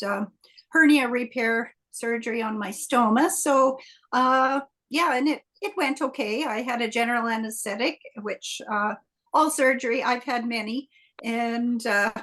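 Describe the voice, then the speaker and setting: On a group video call, an older woman from a coaching group tells a story in a fairly high, slightly bright voice. She's chatty but hesitant, with lots of "uh"s and frequent restarts.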